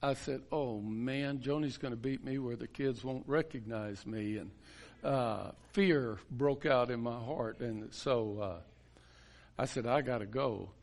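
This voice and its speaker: A pastor, a man, unspools a story from the pulpit at a very unhurried pace. His delivery is folksy and halting, with frequent restarts and quiet chuckles, at a medium pitch. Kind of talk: storytelling sermon.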